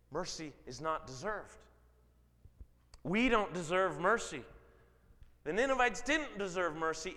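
A man preaching a sermon, dramatic, swinging from loud emphasis to low, quiet stretches. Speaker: pastor. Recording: long hall reverb.

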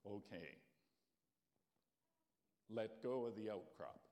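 A calm, patient divine voice speaks low and softly, as a preacher puts it on. It is unhurried and steady in tone. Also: male voice.

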